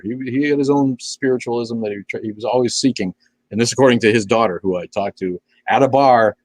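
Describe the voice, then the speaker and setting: A man's voice: lowish voice, poor audio. An older man hosting a live stream, reading viewer comments in blunt, profane, sarcastic casual chat.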